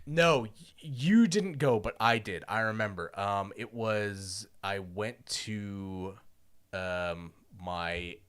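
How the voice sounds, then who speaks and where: A man co-hosting a podcast, telling a story in casual chat, lively and swearing often, with loud outbursts. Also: fairly low pitch, slow pace, clean tone. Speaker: podcast co-host. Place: lives in Japan.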